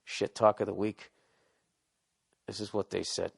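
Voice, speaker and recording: A man's voice: on the low side, flat delivery, a little slow, creaky, breathy edge. A man hosting a podcast, delivering a rambling, profane, sarcastic comedic rant. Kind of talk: ranting comedic monologue.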